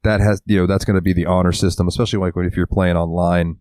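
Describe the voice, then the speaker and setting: Deep-voiced rambling podcast co-host, a man. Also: level tone, quick pace, a little mellow, no echo. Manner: rambling, swears freely, acts out quotes. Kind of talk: casual chat.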